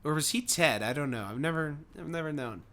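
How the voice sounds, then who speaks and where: A young man co-hosts a casual podcast with a bright, fairly high voice. He tells stories with lots of movement in his pitch. He acts out the people he quotes. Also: a little fast. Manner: animated anecdote teller, acts out quoted people. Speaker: podcast co-host. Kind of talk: casual chat, storytelling.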